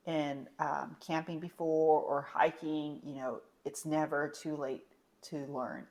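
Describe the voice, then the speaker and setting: A young woman co-hosting a casual podcast, chatting in a rambling way with many fillers. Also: low voice. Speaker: podcast co-host.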